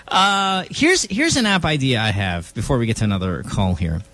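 A young Filipino man hosting a radio show, chatting in a jokey, animated way and arguing his points. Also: mid-range voice, moderate pace, no echo. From Philippines. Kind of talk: casual radio banter.

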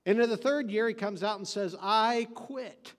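A man's voice: high-pitched, brisk, long reverb tail. A man preaching a sermon, telling folksy stories and joking, then hammering points home with emphatic repetition. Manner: folksy storytelling with joke delivery.

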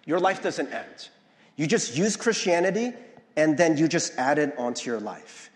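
A male pastor giving a conversational sermon, often checking in with "right?" and acting out the voices he quotes. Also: on the high side. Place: church sanctuary. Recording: long hall reverb.

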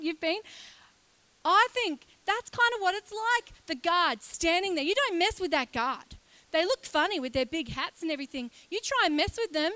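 Bright-voiced woman preaching with lively energy. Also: high voice, dry recording. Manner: animated, acts out voices and sound effects. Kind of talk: sermon.

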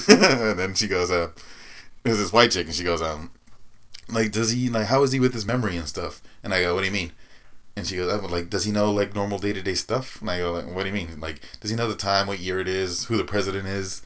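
A man's voice: low voice, fast talker, a bit bright. A man co-hosting a podcast, telling loose stories with laughs and swearing in casual chat. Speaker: podcast co-host. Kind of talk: casual chat about fighting sports.

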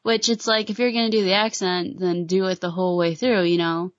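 A woman with a fairly low voice chats casually about a show, hedging her points with fillers. The sound is dry and a little dull, like a lo-fi recording. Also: little pitch movement, a little fast, no room sound. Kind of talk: casual chat.

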